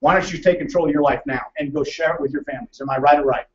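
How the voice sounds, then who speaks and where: A man presenting a financial seminar to a live audience, loud, emphatic and hectoring as he teases the crowd. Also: a little high, steady tone, racing. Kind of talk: motivational seminar lecture. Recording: echoey, distant, dull room recording.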